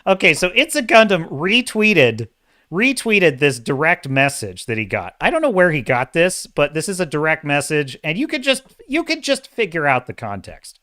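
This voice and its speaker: Bright, forceful opinionated male host. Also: fairly high pitch, moderate pace, no echo, clean studio sound. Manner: rambling, correcting himself often; opinionated and animated. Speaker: podcast host. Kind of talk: casual live-stream movie review.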